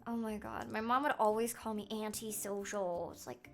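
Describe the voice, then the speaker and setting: A woman's voice: mid-range voice, fairly even intonation, moderate pace, vocal fry, hardly any pauses, fairly bright tone, faint music behind. A young woman with a light Canadian accent, chatting casually and giggling as she reacts to her stream chat.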